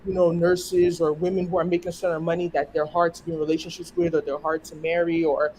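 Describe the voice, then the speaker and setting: A speaker with an American accent, giving a thoughtful, measured opinion in casual discussion and restarting words while thinking. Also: male voice, a little high, level tone, a little mellow, slight background noise, low-quality recording.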